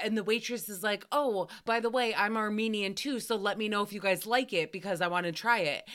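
A young woman hosting a podcast, telling stories in a casual, animated way, swearing freely and acting out what people said with loud outbursts. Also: mid-range voice, smooth. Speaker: podcast host. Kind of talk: casual storytelling recap.

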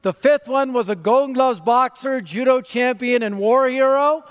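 A man from North Denver giving an energetic, humorous gospel talk on a conference stage, speaking into a stage microphone. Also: extremely high pitch, moderate pace, clear, resonant tone. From North Denver, USA. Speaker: evangelist speaker. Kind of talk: gospel message speech. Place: large conference hall stage. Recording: reverberant hall.

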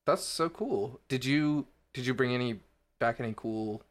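A man's voice: medium pitch, normal speed. A young adult man co-hosting a podcast, chatting casually and teasing his co-host with frequent laughter. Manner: playful, laughs often, teasing. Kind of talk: casual chat.

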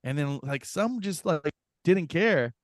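A man's voice: on the high side, a little slow, dry recording, studio quality. A man co-hosting a casual podcast, telling a story with lots of laughs and swearing, acting out what people said. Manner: animated storyteller, laughs often, swears, acts out quotes. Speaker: podcast co-host. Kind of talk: casual chat.

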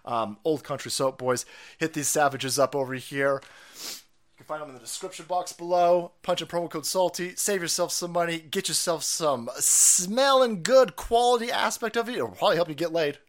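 A man hosting a profane political commentary stream, sarcastic and laughing, who breaks into loud mocking outbursts. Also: on the high side, fairly quick. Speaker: streamer host.

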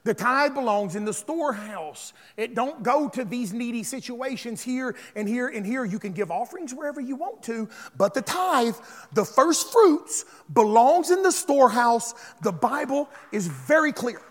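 A man preaching a sermon as pastor, calling on the congregation to respond and building up to shouts. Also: very high voice, animated, normal speed, long reverb tail.

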